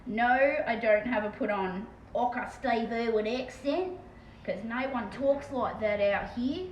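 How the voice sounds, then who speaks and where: A woman with an Australian accent chatting fast and casually on a live stream as she paints terrain, swearing freely. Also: a little high, highs cut off. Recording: echoey room with faint background noise.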